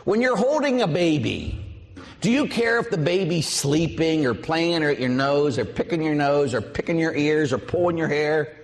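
A middle-aged man, a priest, preaching a sermon with lively storytelling and acted-out voices. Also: a little high, moderate pace, gravelly, in a large hall. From Pittsburgh, USA.

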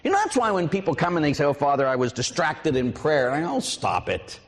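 A middle-aged man, a priest, preaching a sermon with lively storytelling and acted-out voices. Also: on the high side, fast talker, long reverb tail. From Pittsburgh, USA.

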